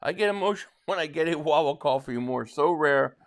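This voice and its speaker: A man's voice: a little high, lively intonation, fairly quick. A man from South Jersey hosting a live stream, chatting casually and rambling as he answers viewer comments, with frequent restarts. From South Jersey, near Philadelphia.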